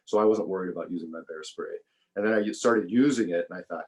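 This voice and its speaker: A man speaking as a podcast guest, talking in a relaxed, reflective way and often repeating words while he gathers his thoughts. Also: low voice, fast, low-quality recording. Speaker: podcast guest, former survival show contestant. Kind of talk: casual conversational interview.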